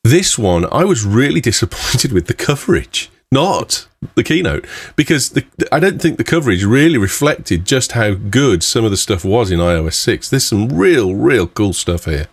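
A man hosting a casual tech podcast, rambling in a relaxed way and laughing often. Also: mid-range voice, moderate pace, breathy edge, no room sound. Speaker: podcast host.

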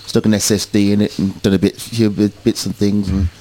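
A man's voice: on the low side, level tone, a little fast, warm tone, slight background noise, poor audio. A man chatting about tech, rambling and repeating words as he restarts. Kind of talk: casual tech chat.

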